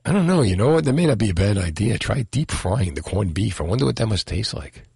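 A man's voice: lowish voice, sing-song, quick pace, creaky, a little mellow, breathy edge, dry recording. A man hosting a call-in radio show from the studio, joking and teasing his callers. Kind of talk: lively call-in radio banter. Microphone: studio microphone.

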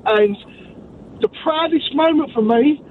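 Excited British man on a phone line. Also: extremely high pitch, a little slow. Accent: British English. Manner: excited, chatty storytelling. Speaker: caller. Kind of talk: phone-in call. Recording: tinny phone line with faint noise.

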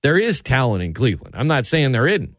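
A man hosting sports talk radio from a studio, ranting with heated sarcasm and sharp emphasis. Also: medium pitch, big pitch swings, a little fast, dry recording.

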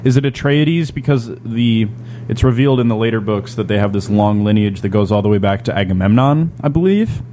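A man with a fairly low voice, talking casually on a podcast. He explains things at length, stopping and restarting his sentences often. A faint hum of room ambience sits behind him. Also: a little fast, mellow. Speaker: podcast co-host. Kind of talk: casual chat.

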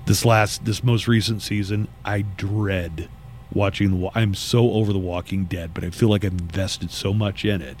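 Chatty low-voiced radio host man. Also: fairly even intonation, moderate pace, a little mellow, slight background noise. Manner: chatty, exasperated storytelling. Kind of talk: casual chat.

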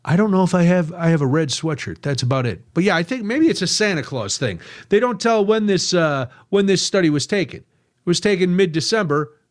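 High-voiced joking male radio host. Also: lively intonation, fairly quick. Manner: chatty, joking, reads listener texts. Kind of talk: casual radio talk. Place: radio studio.

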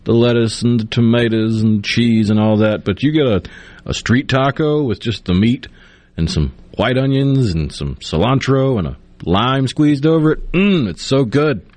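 A man from Mississippi, co-hosting a radio talk show in a relaxed, wry way. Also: mid-range voice, moderate pace, dry recording.

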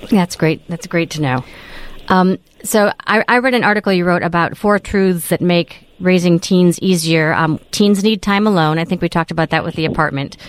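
A woman's voice: lowish voice, normal speed, clear, resonant tone. A woman cohosting a parenting podcast, asking a guest questions casually and sharing her own stories. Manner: casual, questioning, shares personal anecdotes. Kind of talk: interview conversation.

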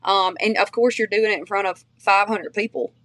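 A woman's voice: mid-range voice, steady tone, moderate pace, fairly bright tone, no room sound. Chatty woman with a strong regional accent. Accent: strong regional accent she shares with her family. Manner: chatty, many fillers and restarts, laughs easily. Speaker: interview guest, country singer. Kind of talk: casual interview chat.

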